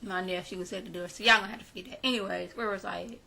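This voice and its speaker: Opinionated female recapper, bright and gravelly, home mic with light hum. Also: mid-range voice, steady tone, very fast, poor audio. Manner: chatty, opinionated, talks straight to viewers. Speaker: reality show recapper. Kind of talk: casual recap talk with quoted paraphrases.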